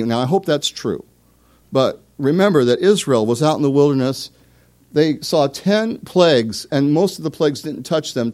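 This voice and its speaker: A man's voice: on the high side, darkish tone. A man preaching a sermon in a conversational way, with asides and small laughs, asking his listeners direct questions. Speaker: pastor.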